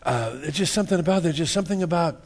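Racing through a church sermon, this pastor speaks in an expressive voice on the high side. His style is folksy and full of jokes, with repeated words and little everyday scenes acted out.

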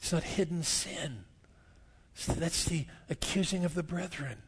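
A middle-aged man preaching a sermon, telling stories and swinging from quiet asides to loud outbursts. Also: on the high side, unhurried, breathy edge. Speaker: pastor. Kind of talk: sermon with storytelling.

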